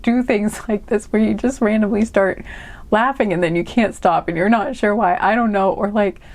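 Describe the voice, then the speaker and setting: A woman's voice: mid-range voice, fairly even intonation, normal speed, darkish tone. A young woman giving a casual card reading, chatty and full of "um" and "like". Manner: chatty, lots of fillers like "um" and "like"; giggly, laughing fits. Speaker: tarot reader.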